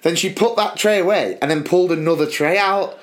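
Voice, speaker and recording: A man's voice: high-pitched, a little fast. A man, co-hosting a podcast and telling a casual anecdote, laughing and acting out the quotes. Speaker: podcast co-host. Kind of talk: casual storytelling chat.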